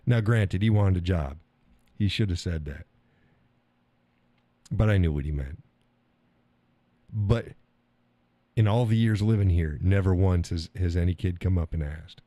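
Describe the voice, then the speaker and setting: In a recording with no room sound, a middle-aged live-stream host speaks in a low, dark voice at a measured pace with long pauses. He rambles casually and opinionatedly, blunt and profane, laughing often.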